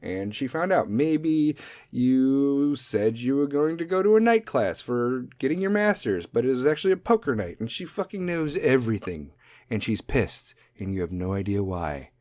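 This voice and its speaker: Podcast host, male, mid-pitched voice, crude rambling comic rant, dry close sound. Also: sing-song, normal speed, darkish tone, no room sound. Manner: profane, rambling, joking. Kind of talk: solo comedic podcast rant.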